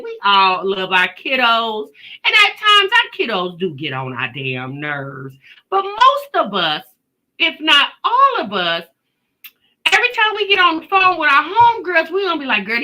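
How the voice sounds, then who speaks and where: A woman speaking hosts a livestream, calling out viewers one by one in a loose, chatty way. Her voice sits high and swings widely in pitch, with a sharp, forceful brightness. She sounds tired after work. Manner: greets chat viewers by name, chatty and animated. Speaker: reaction channel host. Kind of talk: casual livestream chat.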